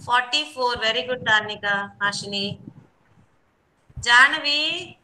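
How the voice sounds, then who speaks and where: A woman teaching kindergarteners over a video call, slowly repeating numbers and coaxing the children. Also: a little high, pushed and bright, slight background noise, rough recording. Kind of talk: online class instruction.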